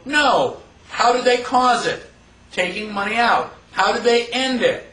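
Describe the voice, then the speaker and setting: A man teaching a live class in a casual, conversational way, asking the room rhetorical questions and acting out quick mock quotes. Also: very high voice, expressive, bright, forceful tone. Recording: echoey room from far off.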